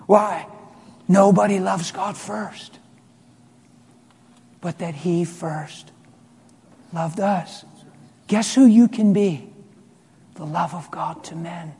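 A middle-aged man preaching a sermon as a pastor, telling a story with emphatic swings from loud to hushed. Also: high-pitched, slow pace, long pauses, breathy edge. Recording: long hall reverb.

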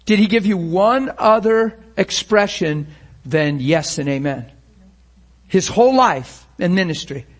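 A man's voice: high-pitched, animated, measured pace. A man preaching a sermon with passion, firing rhetorical questions and acting out the scenes he describes.

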